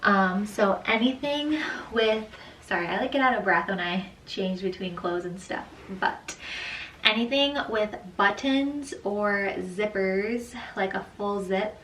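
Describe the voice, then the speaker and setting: A woman's voice: mid-range voice, unhurried, a bit bright. A young mother talks through her outfits in a loose, chatty way, full of "like" and "um". Her voice sits in an ordinary middle range. The mic is set back, so the room echoes around her and a faint hum runs underneath. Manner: chatty, loose, many "like" and "um" fillers. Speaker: vlogger, new mother. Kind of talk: casual outfit try-on chat. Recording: roomy echo, distant mic, faint room noise.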